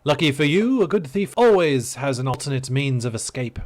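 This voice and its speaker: A man's voice: medium pitch, lively intonation, normal speed, a little mellow, close to an everyday voice. Guy doing a sly young thief, cocky and teasing, lilts up when he's being cheeky. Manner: flippant, lilting and sarcastic.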